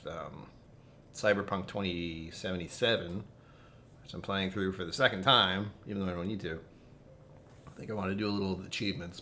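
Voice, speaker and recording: A man with a deep yet slightly bright voice tastes whisky during a live stream, with a little background noise. He rambles, makes self-deprecating jokes, skips from subject to subject, and chats with viewers while reading out their comments.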